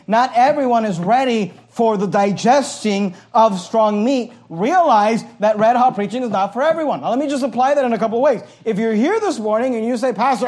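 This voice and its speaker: A male pastor preaching a sermon in an animated, joking way, at times shouting. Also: extremely high pitch.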